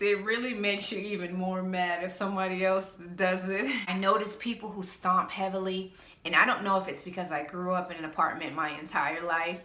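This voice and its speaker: A woman's voice: on the low side, pushed and bright, reverberant. A woman vlogger ranting in a casual monologue, blunt, sassy and exasperated.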